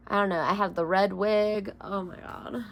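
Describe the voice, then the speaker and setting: A woman's voice: medium pitch, steady tone, moderate pace, slight background noise. A young woman giving a casual tarot reading, chatty and loose, swearing and laughing between solemn card readings. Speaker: tarot reader.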